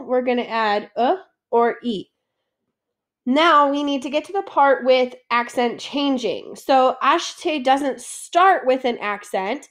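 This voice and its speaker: A woman teaching a French lesson, patiently asking questions and then answering them herself. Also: high-pitched. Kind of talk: classroom lesson explanation.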